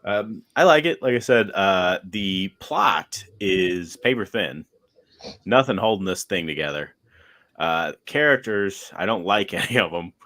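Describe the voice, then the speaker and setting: Deep-voiced blunt joking man. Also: lively intonation, a little slow, a bit bright. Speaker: podcast co-host. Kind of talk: casual anime review chat.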